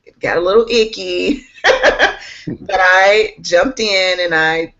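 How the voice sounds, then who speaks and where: A woman's voice: on the low side, slow pace, fairly bright tone. A woman talking in a bubbly, enthusiastic way as an instructional technology specialist in a casual interview, laughing often. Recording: slightly muffled, lo-fi audio.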